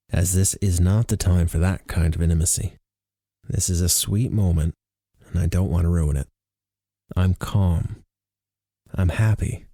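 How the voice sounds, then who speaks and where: A man narrating a novel in the first person with an animated, expressive reading. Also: low voice, dry recording, clean studio sound. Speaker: audiobook reader.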